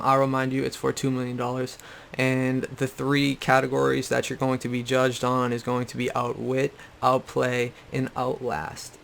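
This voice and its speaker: A profane young man from the Boston area hosts a YouTube recap, ranting casually about a show in a mid-range, slightly bright voice with vocal fry. He's blunt and repeats himself, and his desktop USB mic picks up a little hiss or hum.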